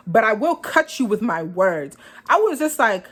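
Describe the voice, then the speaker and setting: A woman's voice: a little high, very animated, normal speed. A young woman vlogger telling a storytime in a sassy, dramatic way, acting out both sides of the conversation.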